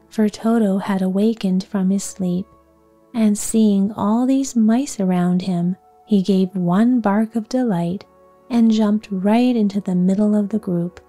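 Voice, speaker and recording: A woman gives a whispered bedtime story reading in a soft, soothing voice. She speaks very slowly with a mellow, dark tone. Faint music plays beneath her. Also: medium pitch.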